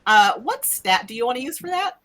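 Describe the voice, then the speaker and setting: A woman's voice: a little high, big pitch swings, a little fast, a bit bright. Laughing, casual woman game master. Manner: casual, laughing and swearing freely. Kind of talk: narrating a tabletop game.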